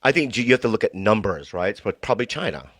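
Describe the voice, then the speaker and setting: A man's voice: on the low side, big pitch swings, quick pace, a bit bright, husky, no echo, clean studio sound. A man in his forties, a podcast co-host, talking in crude, rambling comedic chat and laughing often. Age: 40s.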